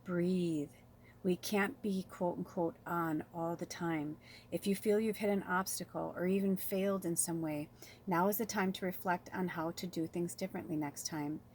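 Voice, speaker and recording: A woman's voice: lowish voice, fairly even intonation, moderate pace, a little mellow, slight background noise. A woman giving a casual spiritual card reading, rambling and chatty, reading card passages aloud and talking straight to her viewers. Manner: chatty, rambling, addresses viewers as "you guys"; reads card passages aloud, then riffs on them. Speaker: tarot and oracle card reader.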